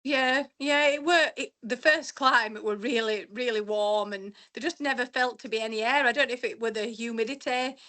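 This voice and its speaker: A woman's voice: on the high side, normal speed, hardly any pauses, sharp tone. A woman chatting casually on a podcast, rambling a little and restarting her sentences. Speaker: podcast co-host and race runner.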